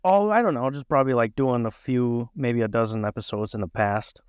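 A man co-hosts a podcast in casual, rambling chat and laughs easily. His voice sits at a middle pitch. It is recorded close and dry, with no room sound. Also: clean tone, dry recording. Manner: loose, rambling, quick to laugh. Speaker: podcast co-host.

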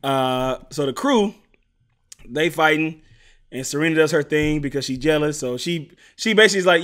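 Animated man recapping a show. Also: fairly high pitch, moderate pace. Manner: animated storyteller acting out characters. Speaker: podcast co-host. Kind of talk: casual chat recapping a TV show.

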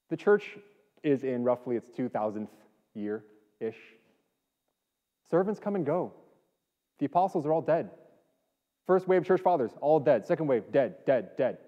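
A man preaching a sermon as pastor, emphatic, swinging between loud declarations and hushed lines. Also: mid-range voice, sing-song, measured pace, long pauses. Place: church sanctuary. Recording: dull sound with long hall reverb.

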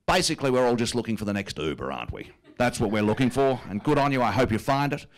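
A comedian on stage impersonates a pompous, smug prime minister with an Australian accent, drawling his words with self-satisfied amusement. The voice sits at an ordinary middle pitch for a man. The tone is that of a rich, powerful politician delighted with himself. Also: big pitch swings, fast talker. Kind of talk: stand-up impression of a politician.

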